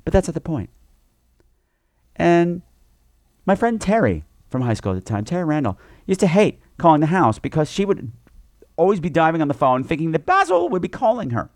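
Brief: high, wildly swooping male podcast host, sassy and profane movie reviewer, dry close sound. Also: huge pitch swings, brisk, darkish tone, no echo. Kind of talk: casual comic movie review rant.

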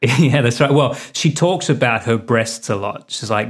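Animated swearing man chatting. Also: mid-range voice, normal speed. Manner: animated, swearing, tells stories. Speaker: podcast co-host. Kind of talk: casual chat.

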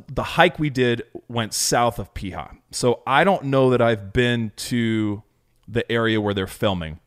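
A man co-hosting a casual podcast chat, talking enthusiastically and rambling with lots of fillers. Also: on the low side. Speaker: podcast co-host.

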